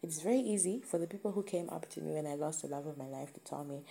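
A woman's voice: deep voice, fairly even intonation, fast, creaky, few pauses, warm tone. A woman giving an earnest, emphatic motivational talk to camera, repeating her key points.

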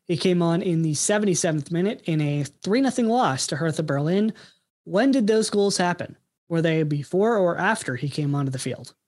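A man's voice: on the high side, animated, normal speed, a little mellow. A man hosting a casual soccer podcast, talking with many ums and uhs as he moves between segments. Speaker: podcast host.

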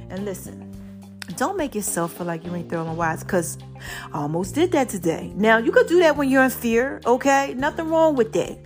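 A woman's voice: on the high side, animated, normal speed, over music. A woman hosting a casual motivational podcast, short of breath, chatty and preachy, now and then breaking into song. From Brooklyn. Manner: preachy, chatty, sings snatches. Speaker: podcast host.

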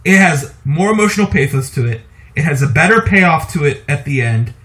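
A man co-hosting a podcast, talking casually about movies in an animated, opinionated way and laughing often. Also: a little high, brisk. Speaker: podcast co-host.

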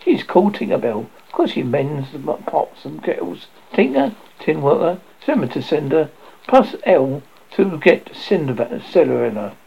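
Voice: mid-range voice, big pitch swings, a little slow, vocal fry, warm tone, breathy edge, exaggerated voice. Peter Pan, read aloud by a storyteller. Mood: chatty. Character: boastful boy hero, lively and cocky. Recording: dull lo-fi recording.

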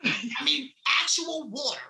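A woman giving a blunt, salty motivational talk, swinging between loud emphasis and hushed asides. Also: high voice, lively intonation, measured pace, creaky, echoey room. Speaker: wellness speaker.

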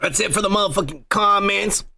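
A man's voice: high voice, a little fast, crowd noise. A young man hosting a podcast, joking and rambling with lots of profanity. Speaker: podcast host. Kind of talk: casual crude podcast banter.

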